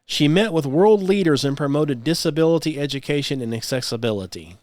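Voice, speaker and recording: A man's voice: a little high, lively intonation, brisk, a little mellow, no room sound. A man hosting a solo podcast, speaking, mocking and sarcastic, full of rhetorical questions. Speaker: podcast host.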